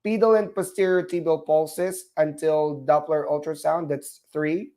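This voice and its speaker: A man with a Filipino accent leads a live online nursing class in a fairly high voice. He repeats key points and keeps asking "all right?" to check the students are following. When he makes a mistake he apologizes and takes it back. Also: steady tone, unhurried, hardly any pauses, warm tone. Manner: repetitive, checks in often with "all right?", apologetic about corrections. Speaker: nursing exam instructor. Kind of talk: live online class, walking through a case study.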